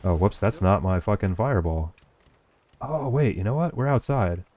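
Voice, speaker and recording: A young man streams gameplay, keeping up a profane, sarcastic running commentary as he chats casually with viewers. His voice is on the low side, expressive, and a little mellow, moving at a normal speed.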